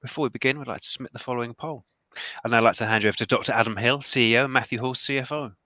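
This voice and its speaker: A man's voice: mid-range voice, steady tone, sharp tone, no room sound. A man reading a scripted welcome as moderator of an online investor presentation. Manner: brisk, read from a script. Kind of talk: scripted introduction.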